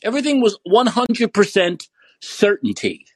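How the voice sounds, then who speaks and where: A man hosting a podcast who rants angrily and curses, repeating himself for emphasis in a husky voice. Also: on the high side, sing-song, normal speed, no echo. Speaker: podcast host. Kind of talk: angry political rant.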